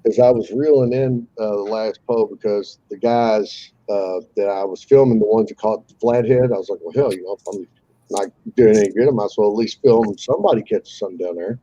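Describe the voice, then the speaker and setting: A man's voice: lowish voice, a little fast, dark tone, lo-fi sound. A man telling a fishing story on a live call, casually and with animation, swearing freely and acting out the voices of the people he quotes.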